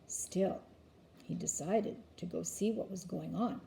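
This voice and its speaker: An older woman, a grandmother, gently reading a picture book aloud to a child with chatty asides. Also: on the low side, measured pace, vocal fry.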